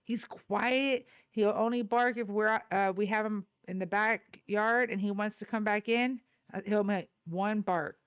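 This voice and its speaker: A woman's voice: medium pitch, fairly even intonation, a little slow, clean tone, dry recording. A woman hosting a livestream in casual chat, rambling and laughing often, swearing casually and cooing baby talk at her dogs. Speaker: livestream host.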